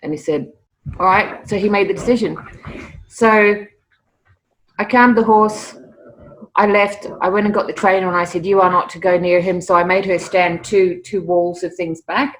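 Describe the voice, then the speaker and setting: Low-voiced woman, middle-aged, lively guest who tells stories and repeats her first words. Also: normal speed, slight background noise. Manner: animated, repeats words when starting sentences. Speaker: interview guest, animal communicator. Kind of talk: casual storytelling interview.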